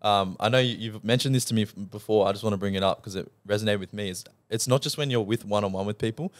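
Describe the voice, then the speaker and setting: Co-host, man; low-pitched, rapid, loose and slangy, dry close mic. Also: dry recording. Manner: rambling, restarts often, says bro and like. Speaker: podcast co-host. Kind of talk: casual chat.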